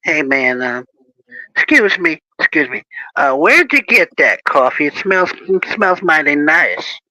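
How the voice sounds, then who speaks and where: Man putting on a friendly nosy coffee guy, excitable, bright. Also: medium pitch, measured pace, no echo, rough recording. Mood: chummy.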